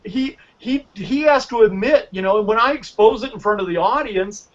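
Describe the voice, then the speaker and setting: A man teaching magic as a guest, telling stories in a casual, animated way and acting out the dialogue. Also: sits high, moderate pace, dull audio. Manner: animated, acts out dialogue in quotes. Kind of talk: casual storytelling lesson.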